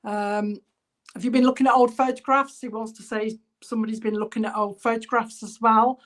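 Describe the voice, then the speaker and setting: A woman working as a spiritualist medium in an online church service, passing on spirit messages in a halting, chatty way and addressing viewers by name. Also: a little high, level tone. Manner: halting, relays spirit messages with many ums. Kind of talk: online church clairvoyance reading.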